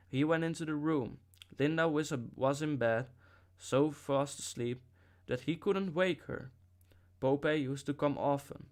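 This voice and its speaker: A man with a medium-pitched voice reads a novel aloud as an audiobook narrator. His storytelling delivery stays steady, though he slips now and then.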